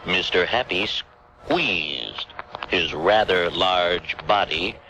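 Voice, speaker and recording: A male radio host reading a children's story aloud in a slow, deliberate, mock-solemn way, drawing out the repeated phrases. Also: low voice, lo-fi sound, noisy background. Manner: slow, deliberate, drawn-out repetition. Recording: radio broadcast over a music bed.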